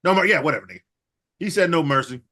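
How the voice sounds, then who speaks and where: A man co-hosting a casual comedy wrestling talk show, retelling events and acting out the wrestlers' lines with profane, animated delivery. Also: a little high, fast talker. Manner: animated, acts out quotes in exaggerated voices, profane. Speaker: podcast co-host recapping wrestling.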